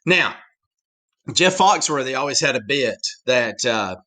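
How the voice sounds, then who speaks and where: A man's voice: mid-range voice, a little slow. A man with a Southern US accent giving a chatty classroom lecture full of asides. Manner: animated, chatty, with many asides. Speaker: teacher.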